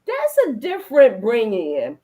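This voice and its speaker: A woman hosting a casual adult chat, telling stories in an animated way, acting out her own reactions and swearing freely. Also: fairly high pitch, a little slow, poor audio. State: recalls being pregnant at the time, not now. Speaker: podcast host.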